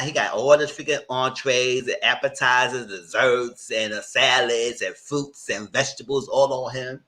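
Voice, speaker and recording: A man's voice: pushed and bright, poor audio. Chatty man recapping reality TV. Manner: chatty and conversational, breaks into high mock voices when quoting. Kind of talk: casual recap commentary.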